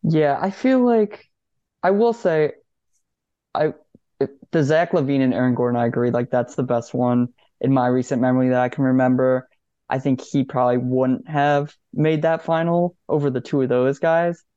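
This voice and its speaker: A man talks sports in an easygoing, measured way, agreeing and hedging his points. His voice is mellow and warm, and the recording is dull and a bit lo-fi, dry with no room echo. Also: mid-range voice, clean tone. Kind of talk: casual sports chat.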